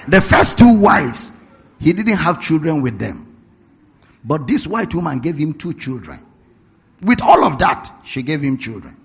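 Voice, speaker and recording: A man preaching a sermon, telling stories with animated bursts of laughter and shouting. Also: fairly high pitch, unhurried, vocal fry, slightly rough. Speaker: pastor. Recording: dull lo-fi recording.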